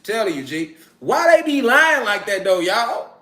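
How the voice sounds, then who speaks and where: A man's voice: sits high, big pitch swings, a little slow, bright, forceful tone, a little hiss or hum. A man giving a profane, preachy lecture to his viewers, full of repeated call-and-response asides. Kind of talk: street-style lecture to viewers.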